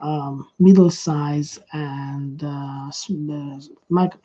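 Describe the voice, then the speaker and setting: A man with a Hungarian accent, a business coach, rehearses his introduction to camera, trailing off and starting again with plenty of fillers. His voice is warm and mellow. The recording sounds dull and muffled. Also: fairly high pitch, steady tone. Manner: halting, restarts with many fillers.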